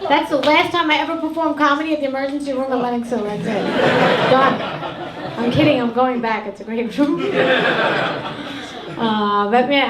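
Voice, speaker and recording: Woman, middle-aged, high voice, brash, profane, stand-up comic, echoey club, loud crowd. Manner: brash, profane, ranting delivery. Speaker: stand-up comedian. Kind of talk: stand-up set. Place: comedy club stage.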